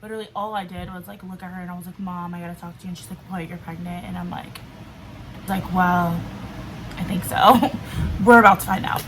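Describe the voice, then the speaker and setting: This twenty-something vlogger has a lowish, flat voice and talks at a quick pace as she chats through a personal story to camera, leaning heavily on "like." Faint noise sits underneath, and the level cuts in and out.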